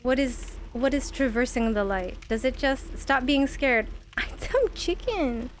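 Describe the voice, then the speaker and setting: A woman streaming a video game, reacting excitably with gasps, shouts of frustration and sarcastic asides. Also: high-pitched, slow, slight background noise. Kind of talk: gameplay commentary. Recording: loud background music.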